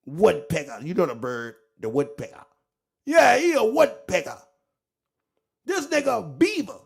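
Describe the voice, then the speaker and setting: Gravelly, high-pitched ranting man. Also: very animated, unhurried, pauses often. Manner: loud, profane, mocking rant that swings between shouts and low mutters. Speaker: online commentator. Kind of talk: ranting commentary.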